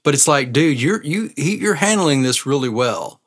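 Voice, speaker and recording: A man with a mid-range voice talks about a reality show in a relaxed, easy way. He drifts lower and softer as he thinks aloud. It is an unhurried co-host chat. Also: breathy edge. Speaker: podcast co-host.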